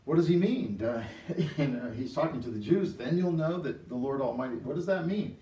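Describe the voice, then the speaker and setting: A man's voice: mid-range voice, normal speed. Man teaching scripture in a roomy hall. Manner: animated storytelling, rising to excited emphasis. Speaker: preacher. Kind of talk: Bible teaching. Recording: roomy, distant mic.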